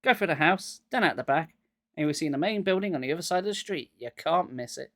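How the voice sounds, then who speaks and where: A man reading aloud, voicing a calm, reassuring movie director. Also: on the high side, quick pace, dry recording.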